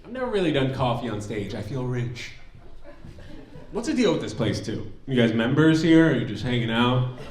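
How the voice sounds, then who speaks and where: Animated young male comedian in an echoey hall. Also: medium pitch, fairly quick, distant mic. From New Jersey. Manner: loud, animated, puts on silly accents. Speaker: stand-up comedian. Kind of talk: stand-up comedy set. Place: banquet hall.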